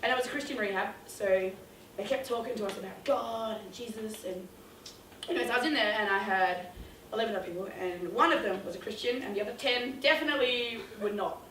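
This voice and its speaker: Heard from a distance in a roomy hall with slight background noise, a young youth ministry speaker tells a youth audience a funny story at her own expense. Her voice is medium-pitched, a bit bright and a little fast, leaping widely as she acts out the quotes.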